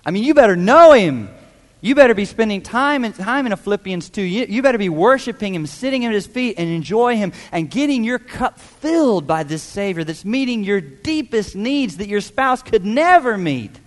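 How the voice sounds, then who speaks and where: Male pastor, high voice, emphatic sermon delivery, reverberant church hall. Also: animated, normal speed. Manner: emphatic, rhetorical questions, mimics voices.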